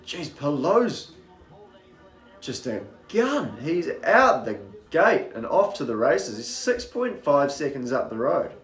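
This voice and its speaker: Chatty race commentator with faint Kiwi accent. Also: male voice, a little high, big pitch swings, slow, reverberant, soft background music. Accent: faint New Zealand, mostly anglicized toward British. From New Zealand. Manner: chatty, rambling asides with cheeky jokes. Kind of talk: casual live race commentary on a stream.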